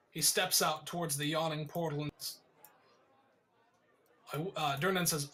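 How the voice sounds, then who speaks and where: Bright-voiced male game master. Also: fairly high pitch, steady tone. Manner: vivid, descriptive narration with filler pauses. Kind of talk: narrating a tabletop game.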